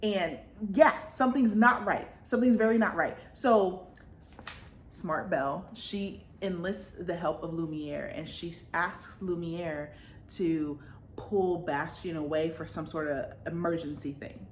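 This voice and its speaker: Low-voiced chatty woman recapping a book. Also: a little slow, roomy sound, a little hiss or hum. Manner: chatty, slangy, full of fillers. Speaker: book vlogger.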